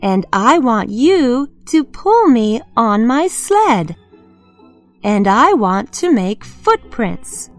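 A woman voicing an eager, excited little piglet boy in a children's storybook reading. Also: a little high, extremely slow, faint music behind, heavily acted.

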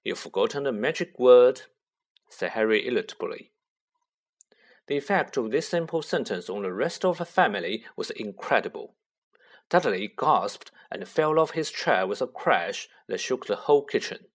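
Male audiobook narrator, mid pitch, wide lively melody. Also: moderate pace, slightly rough. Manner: expressive, varied intonation. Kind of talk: scripted storybook narration.

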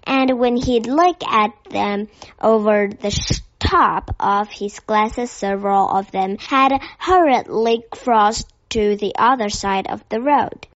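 A woman narrating a children's story with a gentle, careful reading. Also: medium pitch, slow pace, no echo. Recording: dull dry lo-fi recording.

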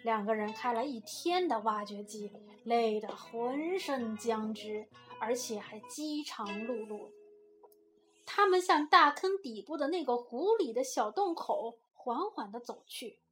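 Mom reading a kids' story, clear and steady, a bit high, soft guitar behind. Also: female voice, a little slow. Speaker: mother and story reader.

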